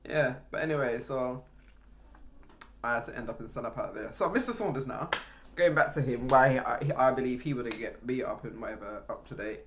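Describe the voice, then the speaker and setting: A man tells casual stories from his school days. He is animated, laughs often and acts out other people's voices. His voice is mid-pitched. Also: brisk, noisy background. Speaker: vlogger. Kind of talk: casual storytelling.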